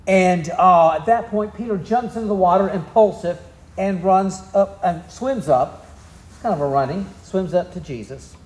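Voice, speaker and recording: A man's voice: high voice, moderate pace, reverberant. A man with a Southern US accent preaching a sermon, telling the story in a folksy, easygoing way. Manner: folksy storytelling, drawling asides. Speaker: pastor.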